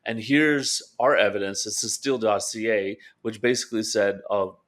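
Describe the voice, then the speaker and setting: A man's voice: lowish voice, steady tone, normal speed, fairly bright tone. A man co-hosting a political talk show, casual and conversational, checking in with "right?". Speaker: podcast co-host. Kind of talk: political commentary chat.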